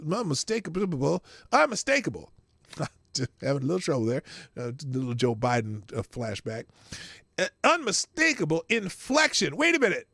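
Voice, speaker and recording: A male host with a somewhat high, gravelly voice reads news pieces aloud and breaks in with sarcastic commentary. His pitch swings widely as he talks, and he trips over words and laughs it off. The sound is dry and close. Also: bright, forceful tone, no room sound. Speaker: podcast host.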